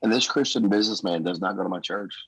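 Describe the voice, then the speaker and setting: A man, a pastor, telling personal stories in a casual, animated podcast conversation and acting out what others said. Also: low voice, quick pace, breathy edge, no room sound, rough recording. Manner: animated storyteller, acts out quotes. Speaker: guest.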